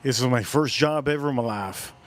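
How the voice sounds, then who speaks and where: A man's voice: medium pitch, brisk. A man hosting a casual livestream, rambling through stories, swearing casually and repeating himself as he talks. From United States. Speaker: whiskey livestream host.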